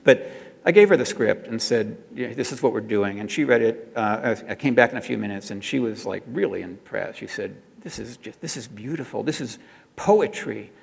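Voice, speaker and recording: A man's voice: fairly low pitch, animated, normal speed, gravelly, husky, in a large hall. A man telling an anecdote to an audience in a chatty way, with many fillers and restarts. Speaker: speaker recounting advertising work.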